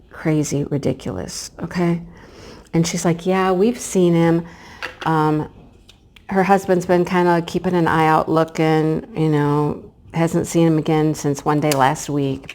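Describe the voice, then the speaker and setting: A woman telling a story to her viewers in a casual, animated way, talking straight to them as you guys. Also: lowish voice. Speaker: craft vlogger.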